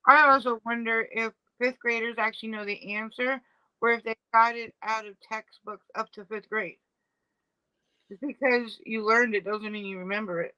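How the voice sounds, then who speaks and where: A woman chatting casually as co-host, thinking out loud. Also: a little high, steady tone, normal speed, clear, resonant tone, no room sound, dull audio. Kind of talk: casual chat.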